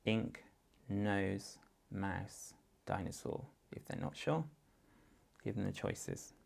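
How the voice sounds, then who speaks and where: A man's voice: on the low side, slow pace, gravelly, a little mellow, breathy edge. A man with an English accent, a teacher patiently walking parents through a phonics writing exercise step by step. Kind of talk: instructional guidance for parents.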